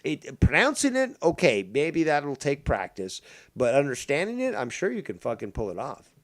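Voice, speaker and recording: A man's voice: a little high, wildly swooping pitch, moderate pace. Profane rambling man hosting a podcast. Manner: profane, rambling, rants with heavy swearing. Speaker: podcast host. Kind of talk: casual podcast chat. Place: living in Canada.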